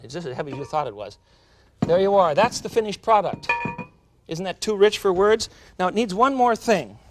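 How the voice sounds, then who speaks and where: A man hosts a cooking show from a studio kitchen, chatting folksily to the viewers as he demonstrates a recipe. His voice sits a little high and swings widely in pitch, animated throughout. A faint background noise runs under the recording.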